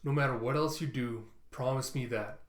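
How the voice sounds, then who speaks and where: A man voicing a loyal, brave male alien fighter, reading his lines slowly and earnestly. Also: medium pitch, lightly acted. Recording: roomy echo.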